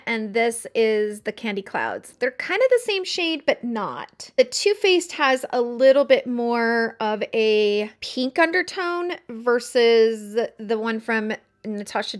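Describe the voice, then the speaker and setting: A woman chatting casually while doing her makeup for a get-ready-with-me video, chatty and self-mocking. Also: a little high. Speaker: beauty vlogger.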